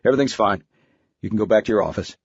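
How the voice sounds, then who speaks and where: A man's voice: on the low side, very fast, breathy edge, no room sound. A man voicing a crude, ruthless middle-aged bank executive who talks in a blunt, profane, curt way, in an audiobook. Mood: hard-nosed. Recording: dry, slightly dull studio audio.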